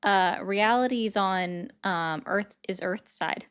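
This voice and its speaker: Her voice is mid-range, slightly bright and smooth, and she speaks slowly while hosting a political livestream. Chatty and sarcastic, she addresses chat directly as she reads out and responds to viewers' comments.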